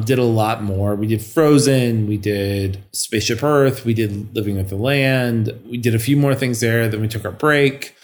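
A man in his thirties, co-hosting a podcast and telling a story in casual chat, animated and getting teary as he talks. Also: medium pitch. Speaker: podcast co-host.

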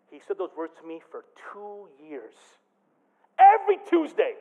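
A man preaching a sermon as pastor, telling a story with big swings from quiet to loud. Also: fairly high pitch, huge pitch swings, a little fast. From Michigan.

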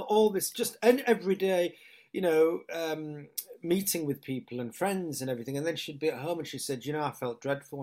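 A man's voice: medium pitch, darkish tone. A man from Hull, telling rambling anecdotes in an interview and quoting people as he goes. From Hull, England. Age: 50s. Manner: rambling anecdotes, quoting others, laughing often. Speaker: actor guest. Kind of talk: chatty interview storytelling.

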